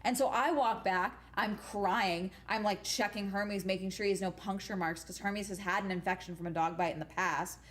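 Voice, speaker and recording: A woman's voice: medium pitch, fairly even intonation, normal speed, few pauses, fairly bright tone. A woman livestreaming from home, telling rambling stories to her chat in a casual, profane, emphatic way and tagging sentences with "okay?". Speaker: livestream host chatting with viewers.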